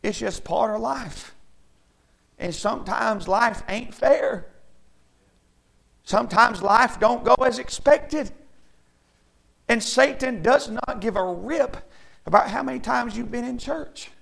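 A male pastor preaching a sermon, swinging from shouted exhortation to quiet, folksy talk. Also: extremely high pitch, slow pace, creaky, pauses often.

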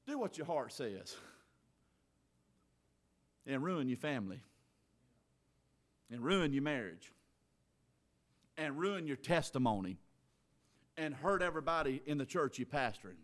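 A man preaching a sermon as pastor, folksy, moving from quiet asides to loud shouting. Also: medium pitch, sing-song, measured pace, long pauses.

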